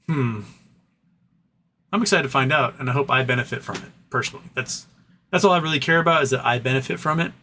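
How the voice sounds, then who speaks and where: A man's voice: medium pitch, pushed and bright, slight background noise. A man hosting a casual livestream, reading viewer comments aloud in a rambling, playful way and chatting to his dog. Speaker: livestream host.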